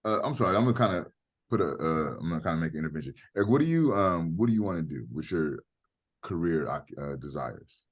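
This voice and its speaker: His husky, low voice moves fast with lively intonation as this middle-aged professor lectures his class online by video call. He keeps things casual and direct, swearing freely.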